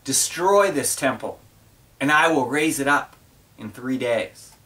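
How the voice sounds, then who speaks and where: A man's voice: medium pitch, animated, a little slow, pushed and bright, far from the mic. A man voicing a solemn, commanding teacher.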